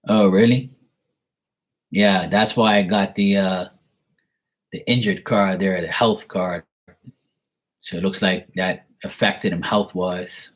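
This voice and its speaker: With a deep voice and fairly even intonation, a man speaks slowly, leaving long pauses, while doing a tarot reading for live-stream viewers and answering their questions. The talk is rambling and casual, stuffed with "you know," blunt and at times profane.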